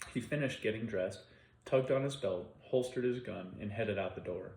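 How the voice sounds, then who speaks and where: A man narrating an audiobook in an unhurried, plain reading style. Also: on the low side, expressive, vocal fry, darkish tone. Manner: unhurried plain reading with occasional self-corrections. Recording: roomy echo.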